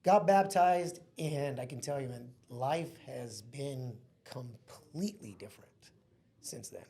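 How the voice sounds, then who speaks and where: Earnest man with a mellow voice. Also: medium pitch, animated, takes it slowly. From Mexico. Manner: earnest, heartfelt, calls listener bro and man. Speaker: podcast guest. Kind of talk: casual podcast storytelling.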